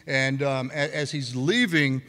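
A man's voice: medium pitch, a little slow, bright, forceful tone, big-room sound. A male pastor preaching a sermon, telling a story in a chatty way with frequent laughs and restarts.

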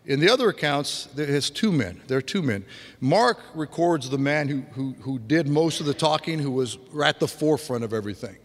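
A man's voice: on the high side, lively intonation, a little fast. A man preaching a sermon in a loose, conversational way, with frequent restarts and vivid imitations of sounds. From grew up on a farm. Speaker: pastor. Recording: long hall reverb.

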